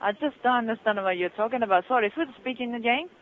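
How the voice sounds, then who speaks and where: A woman with a Japanese accent answering a tavern phone. She speaks in halting English, often asks callers to repeat themselves, and turns curt. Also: on the high side, animated. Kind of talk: phone call. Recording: tinny phone line.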